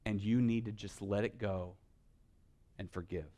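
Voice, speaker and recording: A man preaching a sermon, building from quiet, soft-spoken stretches to loud, passionate exhortation. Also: fairly low pitch, steady tone, measured pace. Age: adult with children. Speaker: pastor.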